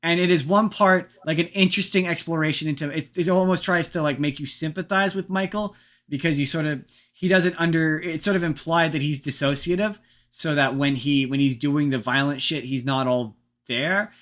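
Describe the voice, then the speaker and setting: Male podcast host, casual and rambling, bright and slightly high. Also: normal speed. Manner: rambling, animated, restarts often, casual swearing. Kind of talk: casual chat.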